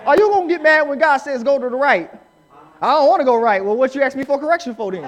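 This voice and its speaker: A pastor preaches live from a church pulpit in a strikingly high voice. He drives his points home with emphatic repetition, swings up into shouts, and slips into the voices of the people he quotes. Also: animated, very fast. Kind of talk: live sermon. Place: church sanctuary.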